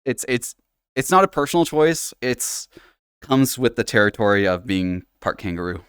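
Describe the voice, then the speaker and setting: A man's voice: mid-range voice, animated, normal speed, fairly bright tone, smooth, no echo. Rambling, laughing male streamer, dry sound. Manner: rambling, fillers and restarts, frequent laughs; swears casually. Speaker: livestreamer. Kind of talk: casual live-stream chat. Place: home setup playing in virtual reality.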